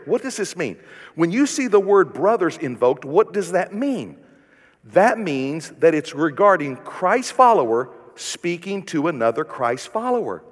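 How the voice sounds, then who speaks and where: Male pastor, high-pitched, preaching in a reverberant hall; call-and-response, big dynamic swings. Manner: call-and-response preaching, rhetorical questions, swings between loud and hushed. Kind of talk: sermon.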